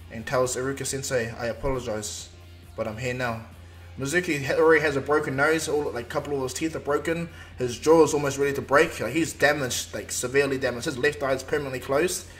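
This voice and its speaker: A man narrating a fan story in an easygoing, rambling way, mid-pitched. Faint music runs underneath. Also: fast, fairly bright tone. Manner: rambling, with fillers and restarts.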